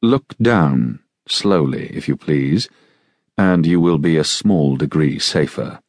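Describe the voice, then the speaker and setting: A man voicing a suave, mild-mannered swordsman who speaks softly with dry irony. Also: extremely low pitch, takes it slowly, no room sound, exaggerated voice. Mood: mild, ironic. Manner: soft, mild, dryly ironic. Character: suave mocking male swordsman, cool and mild.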